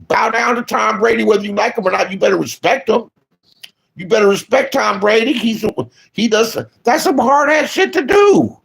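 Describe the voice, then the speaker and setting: A man ranting casually as a streamer giving commentary, blunt and profane, swinging between low mutters and loud outbursts. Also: expressive, moderate pace, creaky.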